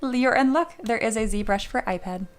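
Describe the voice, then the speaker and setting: Faint music plays behind a woman whose voice sits a little high and moves at normal speed. She's streaming a 3D sculpting tutorial, joking, chatting, describing what she does, and reading viewer messages out loud.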